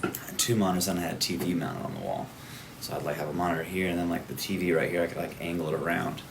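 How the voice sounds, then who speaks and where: A low-voiced man hosts a relaxed catch-up conversation, rambling a bit and teasing his friend. He leans on "like" as a filler. A faint background hum runs under his voice. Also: rapid-fire, creaky. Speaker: host. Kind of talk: casual chat.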